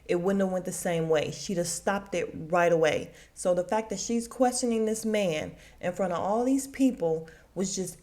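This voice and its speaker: A woman's voice: lowish voice, dark tone. A woman hosting a podcast, recapping a TV episode in a casual, blunt and opinionated way, swearing freely. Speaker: podcast host.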